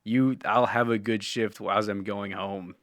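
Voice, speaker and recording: Lowish guy podcasting, rambly and sweary, dry sound. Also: fairly even intonation, a little slow, a bit bright, no room sound. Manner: rambling, profane, laughing often. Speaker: podcast host. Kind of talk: casual live-stream chat.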